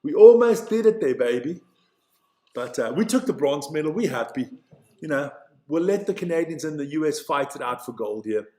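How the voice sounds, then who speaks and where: A Swiss man delivers chatty, excitable live play-by-play for a stream, tripping over player names and reading out the chat. His voice is on the high side, a little fast, and reverberant.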